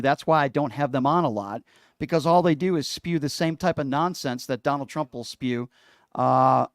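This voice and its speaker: Call-in radio host, male, forceful opinions, slightly high pitch, close and dry. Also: dry recording. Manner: emphatic, opinionated, talks over callers. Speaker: radio talk show host.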